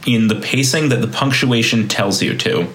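A man's voice: medium pitch, moderate pace, fairly bright tone. A man hosting a comedy podcast, riffing wryly and mock-seriously. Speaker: podcast host. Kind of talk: comedic banter. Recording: roomy echo.

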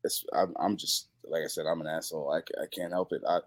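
An extremely low-voiced man talks at a quick pace as a podcast guest, telling crude stories in a profane, animated way and acting out the people in them with quoted voices. It's casual chat, dryly recorded.

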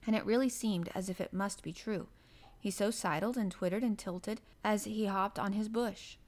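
A woman narrating a classic children's novel aloud in a gentle, even storybook manner. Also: mid-range voice, normal speed.

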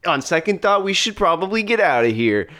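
A man's voice: sits high, very animated, a little fast, pushed and bright, pitched above the performer's own voice, exaggerated voice. A man voicing a nervous young man in an improvised comedy story.

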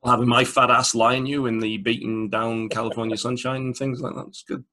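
A man with an English accent hosting a casual interview, animated and quick to laugh as he retells stories. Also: medium pitch. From England. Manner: animated storyteller, laughs often, acts out quotes. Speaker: podcast host.

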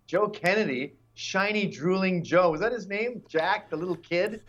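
Male guest, brash and mocking, high and lively voice, dull lo-fi remote sound. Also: moderate pace. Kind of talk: casual political banter.

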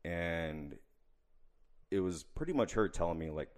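A young man in casual chat, telling an animated, profane story full of quoted asides. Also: low voice, takes it slowly, clear, resonant tone.

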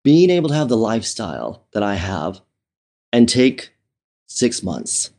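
This interview guest, a man with a voice on the low side, tells personal stories in an emotional, candid way. His delivery is mellow and relaxed, with frequent restarts and fillers such as "um" and "you know."

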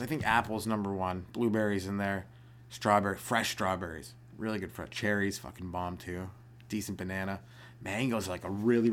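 A young man riffs alone on his comedy podcast, drifting from one bit to the next. His voice sits slightly low. He rambles casually and slips into quick impressions. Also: a bit bright, slight background noise. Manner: rambling, jokey, acts out little voices. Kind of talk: solo comedic riffing.

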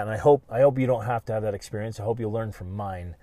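Man, middle-aged, American, earnest storytelling, frequent restarts, dark mellow tone. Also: lowish voice, dry recording. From United States. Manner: earnest, halting, many restarts. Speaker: podcast co-host. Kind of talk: personal storytelling.

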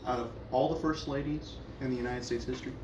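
A man's voice: medium pitch, quick pace. A young man co-hosting a podcast, cracking crude jokes in casual banter. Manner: crude joking, lively. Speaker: podcast co-host. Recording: echoey room with noise.

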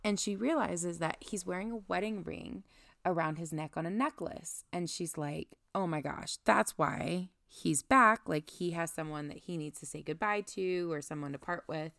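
Young woman, podcast co-host, low gravelly voice in a dry booth, chatty plot recap. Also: normal speed, no room sound. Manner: chatty, recaps plot with quoted asides and frequent "like". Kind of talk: casual book discussion.

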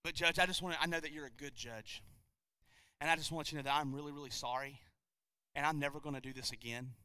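A groveling criminal begs the judge for mercy, as a man puts him on. His voice drops low and hushed, and he rambles through apology after apology, full of self-pity. It sounds bright and close, with a dry sound. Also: quick pace, clean tone, no echo. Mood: pleading. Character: remorseful male criminal begging a judge.

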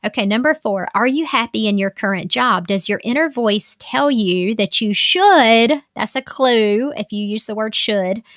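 A woman's voice: mid-range voice, fairly bright tone, no echo. Woman, life coach, casual advice talk, chatty with lots of fillers, close dry sound.

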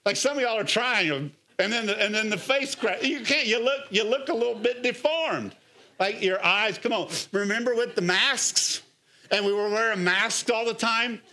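A middle-aged man, a pastor, preaching a sermon in an energetic, coaxing way, full of rhetorical questions and calls of "come on.". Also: sits high.

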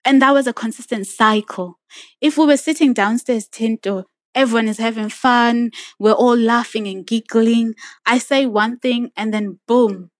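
A woman's voice: fairly high pitch, fairly even intonation, moderate pace, no room sound. A woman on a podcast telling a personal story in casual conversation, earnest and reflective, acting out what others said. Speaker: podcast co-host sharing her story.

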